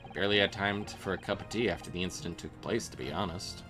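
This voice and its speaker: A gruff, weary police inspector speaks in a slow, put-on Southern drawl, as a man voices him. The voice sits low and deep. Video-game music plays steadily behind him. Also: natural voice. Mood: matter-of-fact. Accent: vaguely American Southern drawl, put on.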